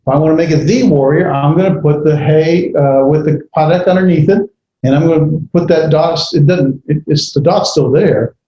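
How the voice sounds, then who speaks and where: A man teaching a Hebrew grammar lesson in a halting way, with many fillers and self-corrections as he walks through examples. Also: a little high, mellow. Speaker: Hebrew instructor. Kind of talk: classroom lecture. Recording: dull, roomy lecture recording.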